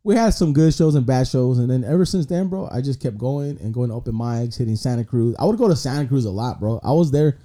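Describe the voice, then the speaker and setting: A man's voice: mid-range voice, fast talker, few pauses, dark tone. A young man, a guest comedian rambling through stories in casual, slangy podcast chat. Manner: rambling storyteller, slangy, peppered with 'bro'.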